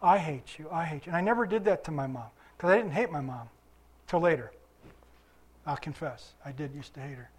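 A man's voice: on the high side, fairly quick, slightly rough. An older man preaching a sermon to his congregation, conversational, asking questions and waiting for answers, recovering from illness. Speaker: pastor.

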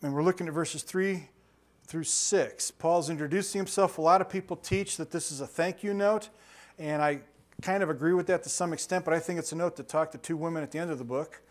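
A middle-aged man leads a bible study as pastor, his voice sitting a little high for a man. He teaches in an easygoing, conversational way, cracking small jokes and tossing questions to the small group in the room. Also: brisk. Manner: conversational, jokey, asks the audience questions.

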